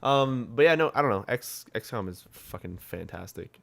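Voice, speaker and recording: A man's voice: medium pitch, expressive, normal speed, vocal fry, fairly bright tone. A young man co-hosting a casual gaming podcast, rambling through stories, laughing often and swearing freely. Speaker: podcast co-host.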